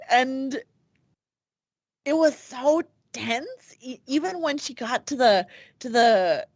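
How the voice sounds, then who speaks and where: A woman co-hosting a podcast, reacting excitedly in casual chat, with lots of filler words. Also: sits high, slow, slightly rough, no echo, studio quality. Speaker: podcast co-host.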